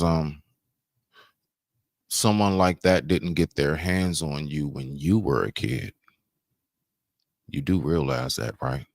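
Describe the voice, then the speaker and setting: Super deep raspy dude ranting on his stream, bossy and blunt, dry sound. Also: no echo. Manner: blunt, scolding, slangy. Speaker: host reacting to clips. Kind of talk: live stream commentary.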